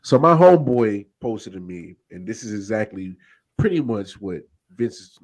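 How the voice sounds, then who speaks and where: A man's voice: fairly low pitch, sing-song, measured pace, darkish tone. A man co-hosting a casual podcast who banters in a laid-back way, full of slang. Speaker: podcast co-host. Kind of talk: casual chat.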